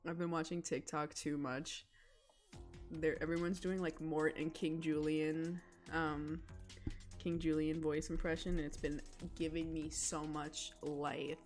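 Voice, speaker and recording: A woman's voice: sits low, little pitch movement, measured pace, a little mellow, soft background music. A young woman chatting casually with her chat while she draws, giggling often and rambling about food. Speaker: illustrator streaming live drawing.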